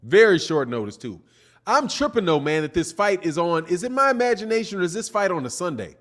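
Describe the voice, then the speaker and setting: A man's voice: high-pitched, sing-song, a little fast, a bit bright. A man hosting a live boxing stream, chatting casually and reading out viewer comments in a loose, rambling way that keeps circling back to "man.". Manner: laid-back, rambling, peppers talk with "man".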